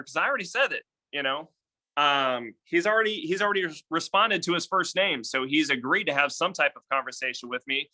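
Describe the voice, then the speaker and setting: A man's voice: on the high side, fairly quick. Blunt, fired-up man coaching sales. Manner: blunt, energetic and direct, with casual swearing. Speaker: real estate sales coach. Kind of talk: casual sales training talk.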